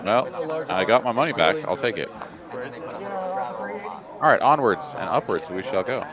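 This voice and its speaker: A man's voice: medium pitch, very animated, measured pace, crowd noise. A man, commentating a live poker cash game in a laid-back, drawling way with frequent fillers.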